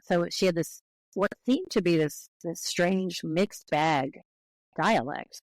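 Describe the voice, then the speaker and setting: A woman's voice: lowish voice, slow, no room sound, rough recording. A woman guest on an interview, speaking as a linguist in a careful, explanatory way with frequent restarts.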